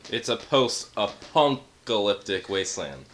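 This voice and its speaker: A man co-hosting a casual movie chat, chiming in with short, dry, deadpan remarks. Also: lowish voice, unhurried. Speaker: co-host of a movie review.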